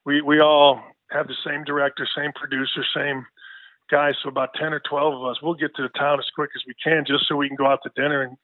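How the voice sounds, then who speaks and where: An older man tells rambling, joking stories in a casual interview, his voice sitting a little high. He comes through a thin, tinny phone line with a dry, close sound. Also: flat delivery, fast talker, no echo. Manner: joking, rambling storyteller with frequent restarts. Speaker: sports broadcaster guest.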